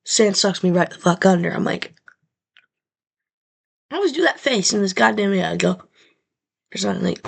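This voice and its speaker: A woman's voice: medium pitch, animated, normal speed, gravelly, long pauses, slightly rough. A young woman vlogger telling a rambling, profane story straight to her camera, full of fillers.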